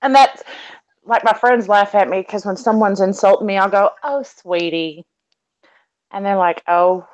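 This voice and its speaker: A woman's voice: mid-range voice, steady tone, normal speed, rough recording. A woman from Texas with a Texan accent, chatting casually and telling stories with sweet, cutting sass. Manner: sassy storyteller, sweetly cutting. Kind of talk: casual chat.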